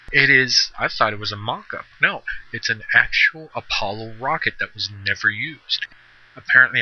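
A middle-aged man hosting his own podcast in a chatty, self-deprecating, conversational manner. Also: medium pitch. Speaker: podcast host. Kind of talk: casual solo podcast monologue. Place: on the road. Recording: dull lo-fi sound.

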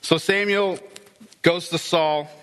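A male pastor preaching a sermon, telling the story with lively, acted-out dialogue. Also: a little high, slow pace, clean tone, big-room sound.

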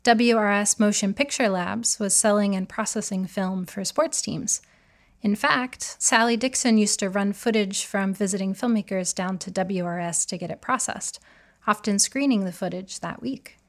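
A woman's voice: mid-range voice, normal speed. Woman co-hosting a history podcast. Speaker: podcast co-host. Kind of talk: scripted co-hosted narration.

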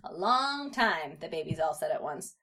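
A woman hosting a comedy podcast reads fan fiction aloud in a sing-song, sharp-toned voice at normal speed. She gives the baby characters put-on high voices and laughs often.

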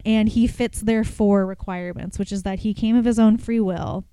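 A woman's voice: mid-range voice, steady tone, normal speed, dark tone, clear, resonant tone, no echo. Chatty woman podcast co-host. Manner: chatty, retells plots in detail. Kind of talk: casual chat.

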